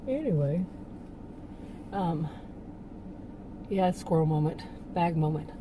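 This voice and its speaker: A woman's voice: deep voice, expressive, slow, noisy background. A woman talking casually in a rambling monologue, laughing often and restarting her sentences. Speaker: channel host.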